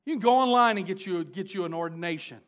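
Fervent high-voiced preacher man. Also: quick pace. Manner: fervent, swings from shouting to quiet asides. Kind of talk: sermon.

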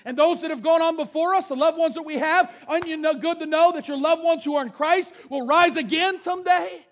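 A man's voice: extremely high pitch, a little fast, fairly bright tone. A middle-aged man preaching a sermon, reading scripture and telling stories from family life. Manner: storytelling, reads scripture aloud and retells it. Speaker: pastor. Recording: dull lo-fi sound.

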